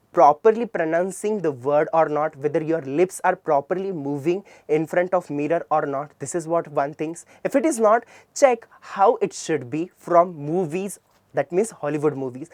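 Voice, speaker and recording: There's no room sound around this man's fairly high, slightly mellow voice, which keeps a normal speed. With an Indian English accent, he earnestly lectures on communication skills in a classroom tutorial style, repeatedly posing and then answering his own questions.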